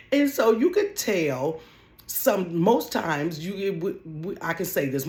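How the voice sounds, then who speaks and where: A woman telling a casual storytime about her old job at home, chatty and animated, calling listeners honey. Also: deep voice. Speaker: vlogger telling a work story.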